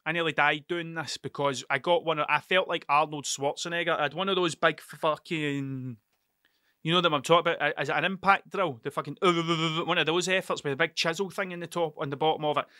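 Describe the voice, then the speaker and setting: A Scottish man in his thirties with an Ayrshire accent tells a long, digressive story full of swearing and restarts. His voice sits fairly high and sounds bright and edgy. The recording is close and dry, with no room sound. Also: fairly even intonation, fairly quick, no echo. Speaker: podcast host. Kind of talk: rambling solo storytelling.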